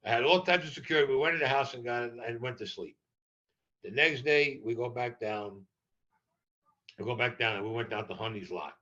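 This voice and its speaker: An older man tells stories as an interview guest, blunt and profane. His voice is bright and forceful. The recording sounds a little dull and muffled. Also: mid-range voice, a little fast. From New York. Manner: blunt, profane, animated storyteller. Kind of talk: storytelling in a podcast interview.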